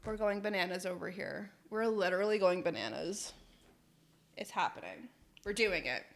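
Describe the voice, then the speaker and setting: A woman's voice: fairly low pitch, normal speed, vocal fry. A young woman in her twenties live-streaming from her kitchen, telling stories with lots of laughter and swearing. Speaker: cooking streamer. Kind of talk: casual live-stream chat. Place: home kitchen.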